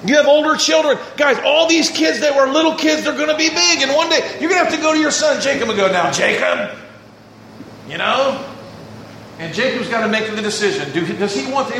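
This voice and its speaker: A man's voice: very high-pitched, animated, brisk, fairly bright tone, reverberant, a little hiss or hum. A male pastor preaching a sermon, reading scripture and acting out what people might say.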